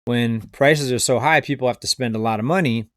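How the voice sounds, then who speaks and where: Brief: male finance commentator, mid-pitched, skeptical and rambling, close dry mic. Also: fairly quick, dry recording. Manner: skeptical, rambling, addresses viewers as folks. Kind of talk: casual video commentary.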